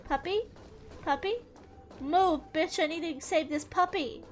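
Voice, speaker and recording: A woman's voice: very high-pitched, a little slow. A young woman streamer chatting casually while playing a game, giggly and gushing. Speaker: gaming streamer. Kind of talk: casual let's-play chat. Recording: commentary over game music.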